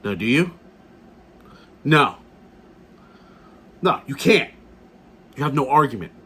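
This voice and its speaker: A man's voice: mid-range voice, sing-song, slow, a bit bright, slightly rough. A middle-aged man ranting casually in a video blog, blunt and profane, repeating himself as he talks. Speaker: gun vlogger.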